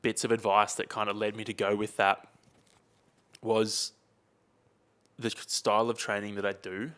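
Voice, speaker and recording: A man's voice: lowish voice, little pitch movement, measured pace, a bit bright, clear, resonant tone. A young man, chatting casually and rambling on his own podcast. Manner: rambling, chatty, uses slang like mate and dude. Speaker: podcast host. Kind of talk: casual solo podcast chat.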